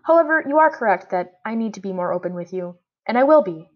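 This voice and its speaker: A woman voicing a calm, gentle alien girl who speaks in a measured way, read from a storybook. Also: medium pitch, natural voice. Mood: apologetic. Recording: dull lo-fi audio.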